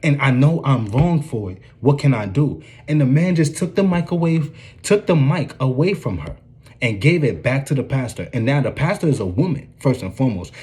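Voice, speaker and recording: A man's voice: medium pitch, animated, moderate pace, mellow. A man giving an informal, earnest preaching commentary, often checking in with "you dig what I'm saying".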